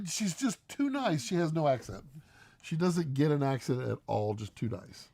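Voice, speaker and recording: A man co-hosting a live stream, chatting casually and quickly, laughing often as he answers questions. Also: on the high side, animated. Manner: fast-talking, laughs often.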